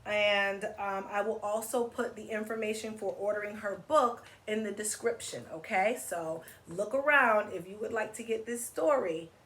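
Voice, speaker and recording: A woman reading a children's picture book aloud in an animated, teacherly way, often stopping to ask her young listeners questions. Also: medium pitch, normal speed, few pauses. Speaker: children's story reader.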